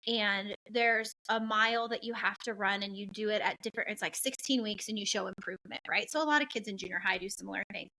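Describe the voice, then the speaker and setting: A middle-aged woman from the western United States hosting a podcast, telling stories in a lively, candid and blunt way. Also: medium pitch, fast, hardly any pauses, poor audio. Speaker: podcast host. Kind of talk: casual chat.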